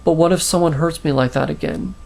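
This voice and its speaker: A man voicing a tired, tender young woman in a self-written story, read softly and plainly. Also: a little high, fairly quick, vocal fry.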